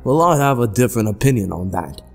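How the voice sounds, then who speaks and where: A man voicing a gruff, impatient police captain who talks bluntly and demandingly. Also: medium pitch, lively intonation, quick pace, faint music behind. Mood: pressing. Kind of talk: horror story narration voice acting.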